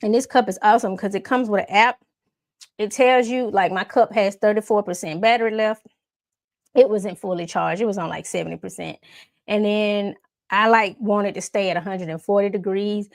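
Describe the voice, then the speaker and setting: A woman tells a personal story of faith to her viewers in a loose, conversational flow. She is animated, drops in folksy asides and laughs often. Her voice sits at a middle pitch, recorded in a dry, close sound. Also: normal speed, no room sound. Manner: laughs often while talking. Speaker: faith and self-development vlogger. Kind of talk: casual storytelling to camera.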